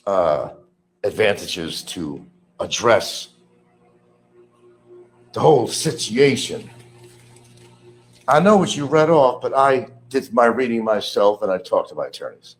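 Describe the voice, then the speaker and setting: A middle-aged man ranting bitterly on a livestream, repeating himself, mocking others and swinging between low mutters and loud outbursts. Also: big pitch swings, slow pace, pauses often, slight background noise. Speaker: livestream host. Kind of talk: rambling livestream rant.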